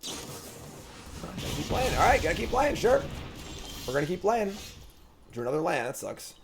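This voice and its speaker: A man's voice: sits high, sing-song, a little slow, creaky. Joking man streaming a card game. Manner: joking, talks to himself and the opponent. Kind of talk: casual gameplay commentary. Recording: background noise.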